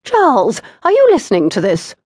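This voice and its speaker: A woman's voice: huge pitch swings, normal speed, darkish tone, dry recording, studio quality. A woman voicing an exasperated, theatrical society mother who scolds her grown daughter. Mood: indignant. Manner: shrill, indignant, theatrical.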